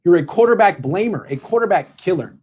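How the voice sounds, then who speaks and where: Blunt, lecturing man with a lively pitch. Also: a little fast, husky. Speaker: sports commentator. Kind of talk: talking directly to the coach as if in a meeting.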